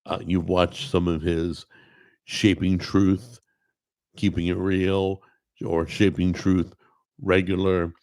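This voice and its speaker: A man's voice: sits low, little pitch movement, takes it slowly, darkish tone, no room sound. A man hosting a live stream, chatting casually and rambling, greeting people in the chat and often correcting himself. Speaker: host.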